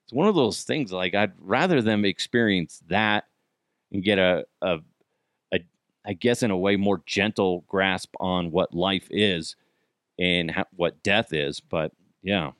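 A man's voice: deep voice, unhurried, a bit bright, dry recording, clean studio sound. A middle-aged man hosting a podcast, telling casual stories with swearing and laughter and acting out the voices of the people in them. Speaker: podcast host. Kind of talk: casual storytelling monologue.

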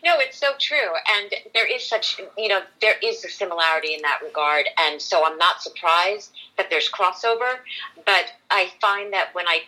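A woman's voice: lowish voice, lively intonation, moderate pace, pushed and bright, rough recording. A woman who works in voiceover, chatting eagerly as a podcast guest, full of "like" and "you know". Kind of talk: casual conversation.

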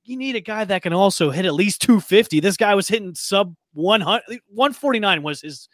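A man co-hosts a casual sports podcast, ranting in animated bursts full of restarts. His voice sits a little high. The recording is dry and close. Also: normal speed, no echo. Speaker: podcast co-host.

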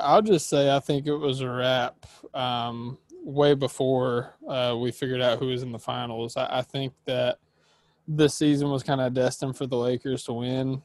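An easygoing man co-hosts a sports chat. His delivery stays flat and even, recorded close and dry, and he hedges his points with fillers. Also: medium pitch, no room sound. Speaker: podcast co-host.

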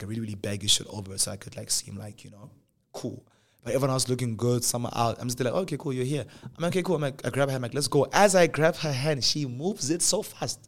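A young man with a South African accent telling a personal story in a casual, animated way, acting out the other people's lines. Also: medium pitch. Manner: animated, acts out dialogue in different voices. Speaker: podcast host.

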